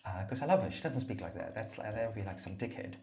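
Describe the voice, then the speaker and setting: Man, lower register, self-mocking and meandering; voice memo from a bathroom over faint background hiss. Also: animated, fast, roomy sound. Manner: musing and meandering, self-mocking, drifting into soft murmurs. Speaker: brother recording a voice note. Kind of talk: rambling, reflective voice memo. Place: bathroom, at the bath. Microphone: phone voice note.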